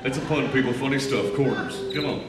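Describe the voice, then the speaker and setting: A man's voice: medium pitch, fairly quick, heavy background noise, natural voice. An actor playing a crude, wisecracking male ghost showman who works a live theme park crowd with brash, sleazy jokes. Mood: flirty, teasing. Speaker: live show emcee. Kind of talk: live stage comedy, crowd work. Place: theme park stage show. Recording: echoey, distant crowd-camera recording with loud music.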